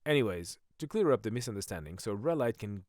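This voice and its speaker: A man's voice: fairly low pitch, big pitch swings, quick pace, darkish tone, no echo. A man hosting a podcast in a rambling comic monologue that keeps drifting off on tangents. He jokes at his own expense, and his voice swings up and down a lot. The sound is dry and close, with no room around it. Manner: jokey, self-mocking, goes off on tangents. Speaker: podcast host and comedian.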